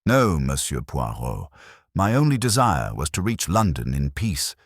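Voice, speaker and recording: A man reading a poised, theatrical actress in a husky voice. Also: extremely low pitch, very animated, a little slow, dry recording, studio quality, heavily acted. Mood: languid. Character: poised aloof actress woman.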